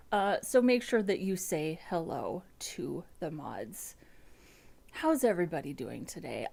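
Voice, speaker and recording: A woman's voice: medium pitch, a little mellow. Chatty woman hosting a coding stream. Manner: chatty and rambling, restarts sentences. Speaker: front-end developer hosting a coding live stream. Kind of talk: casual live-stream chat. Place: at home.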